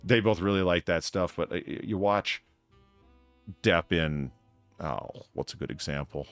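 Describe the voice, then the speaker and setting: A man's voice: deep voice, measured pace, a bit bright, faint music behind. A man hosting a podcast in casual, rambling chat, swearing freely and gushing about what impresses him. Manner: rambling, profane, enthusiastic. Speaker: podcast host.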